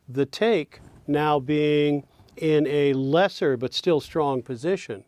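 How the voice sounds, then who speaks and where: A man's voice: a little high, darkish tone, no echo. A man teaching songwriting, explaining lyric stress and counting out beats as he goes. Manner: slow, explanatory, counts beats and speaks example lines aloud. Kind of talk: lesson on lyric stress and rhythm.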